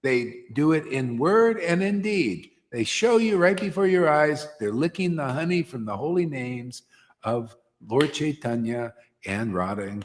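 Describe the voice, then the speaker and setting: A man giving an informal devotional sermon, rambling and slangy, often stumbling and repeating words. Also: medium pitch. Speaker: spiritual teacher. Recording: long hall reverb.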